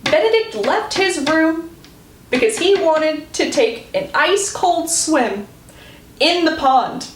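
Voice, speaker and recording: A woman giving a chatty book recap in a slightly high voice, talking straight to her viewers. The room is echoey, with a faint steady hum underneath. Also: slow pace.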